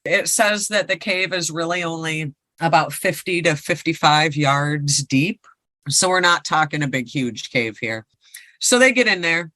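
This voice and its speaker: A woman's voice: deep voice, measured pace, sharp tone, no room sound. A woman co-hosting a podcast, casually retelling a ghost story and rambling with lots of fillers. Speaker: podcast co-host.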